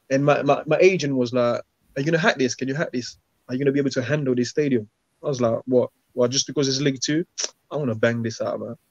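Give me a man in his forties telling football stories, acting out the dialogue, on a flat, dead-sounding recording. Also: fairly high pitch, no echo. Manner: animated, acts out quoted dialogue, street slang. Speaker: former footballer, guest. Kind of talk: casual storytelling interview. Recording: dull, dry recording.

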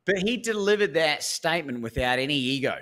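Animated Australian man telling stories. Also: fairly high pitch, a little fast. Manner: animated storyteller acting out phone calls. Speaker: speaker and coach, podcast guest. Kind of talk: storytelling interview talk.

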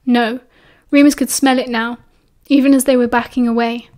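Casting: British woman, audiobook narrator, high voice, expressive and steady. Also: moderate pace. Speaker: audiobook reader.

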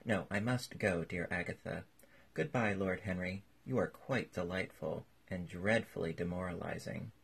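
A man's voice: low-pitched, moderate pace, gravelly, fairly bright tone, breathy edge, exaggerated voice. A man reading aloud and voicing a flustered, gushing aristocratic duchess in a raised voice. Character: fussy chattering aristocratic duchess, woman.

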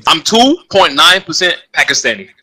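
Bright, joking man boasting over voice chat. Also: fairly high pitch, big pitch swings, normal speed. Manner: joking, boastful and crude, laughs often. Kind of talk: casual gaming chat. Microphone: headset voice chat.

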